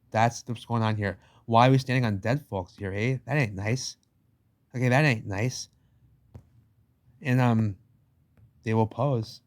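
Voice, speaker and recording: A man's voice: on the low side, darkish tone. A man giving a rambling, emphatic commentary over book pictures, repeating himself, swearing casually and using slangy asides. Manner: slangy, addresses listener as "baby". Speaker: channel host.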